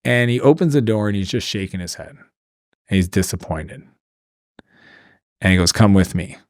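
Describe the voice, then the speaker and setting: Low-voiced man telling a story. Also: animated, normal speed, no echo, studio quality. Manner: conversational, many filler "like"s, trails off and restarts. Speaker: podcast guest. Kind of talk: storytelling in a casual interview.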